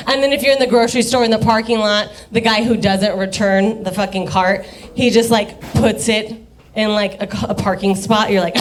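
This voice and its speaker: A woman's voice: medium pitch, steady tone, normal speed. A young woman doing a rambling, profane stand-up set in a bar, often laughing at her own jokes. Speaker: stand-up comedian. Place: dive bar comedy stage.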